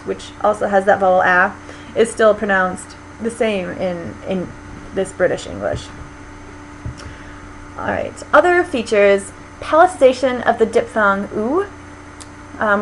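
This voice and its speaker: A woman's voice: medium pitch, animated, measured pace, fairly bright tone, slight background noise, rough recording. An American woman giving a lecture, explaining things step by step with frequent ums and small restarts. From United States. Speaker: linguistics lecturer.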